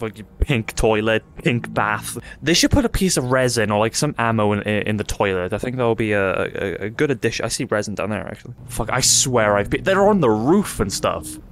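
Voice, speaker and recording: A man's voice: on the low side, a bit bright. Young guy chatting through a game, swears a lot, laughs at everything, faint hiss behind. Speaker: gaming YouTuber. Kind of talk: casual let's-play commentary.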